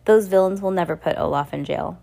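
A woman voicing an earnest teenage girl in a storybook reading, speaking with urgency and a raised pitch. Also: fairly quick, creaky, mellow. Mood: urgent.

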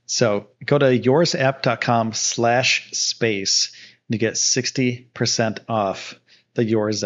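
Easygoing man chatting on a livestream. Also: medium pitch. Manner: rambling and easygoing, with frequent fillers and restarts. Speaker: livestream host. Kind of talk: casual live-stream chat, reading chat and an ad. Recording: dull lo-fi stream audio.

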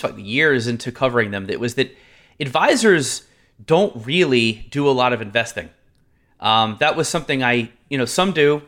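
A man co-hosting a podcast, telling stories in a chatty, animated way with fillers. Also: medium pitch. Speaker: podcast co-host. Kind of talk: casual podcast chat.

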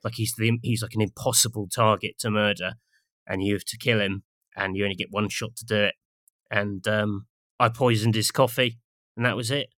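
A man's voice: lowish voice, fairly even intonation, a little fast, a bit bright, no room sound. Dry, joking man on a podcast. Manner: dry, self-mocking, laughs often. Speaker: podcast co-host. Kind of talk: casual chat.

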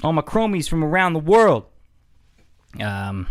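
A male podcast host riffing in a loose, comedic monologue, swearing freely. His voice swoops lively up and down as he jokes. The sound is dry and close. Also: on the high side, normal speed, pauses often, clear, resonant tone, dry recording. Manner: animated, joking, swearing.

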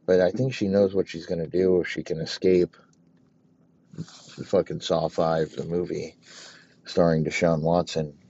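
A man's voice: low voice, level tone, warm tone, slightly rough, dry recording, highs cut off. A man telling a crude improvised comedy story, rambling, swearing often and restarting sentences. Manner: rambling, profane, halting restarts.

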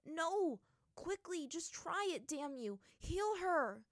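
A woman voicing a desperate young boy hero, earnest and pleading, with high, tearful shouts. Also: sing-song, takes it slowly, no echo, studio quality, heavily acted. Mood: frantic.

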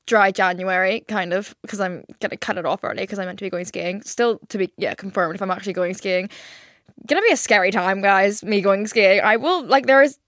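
Fast-talking young woman. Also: medium pitch, fairly bright tone, no room sound, studio quality. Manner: rambling, self-mocking, swears casually, talks quickly. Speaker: podcast host. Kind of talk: casual solo podcast chat. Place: recording studio.

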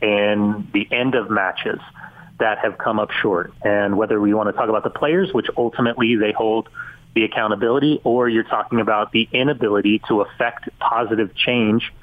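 A man calling in as a soccer analyst, talking things through in an analytical, measured way with frequent fillers. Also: lowish voice, fairly even intonation. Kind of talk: radio phone interview. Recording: tinny phone line.

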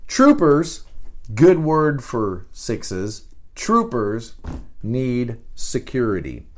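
A middle-aged man hosting a podcast, giving a casual talk as a teacher, animated and often repeating words. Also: mid-range voice, drawn-out words, slight background noise. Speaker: podcast host.

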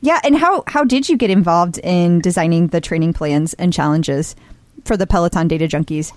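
Woman host with a lowish voice. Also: moderate pace, dry recording. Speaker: podcast host. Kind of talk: casual interview.

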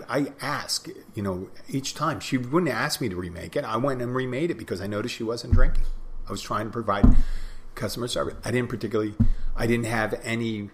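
A man with a mid-range voice, recorded with slight background noise, hosts a podcast and rambles casually through a bar story. The podcast host and bartender repeats phrases and plays both parties in the exchange.

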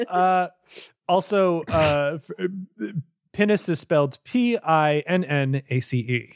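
Man reading podcast credits, lively. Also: a little high, slow, dry recording, studio quality. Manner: steady announcer-like credit reading; joking, laughing in banter. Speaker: host and game master. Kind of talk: reading end credits, then casual banter.

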